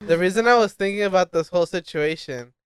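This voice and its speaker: A man's voice: sits high, quick pace, over loud music. A young man co-hosting a podcast, playful and laughing, swearing casually in loose chat. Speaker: podcast co-host.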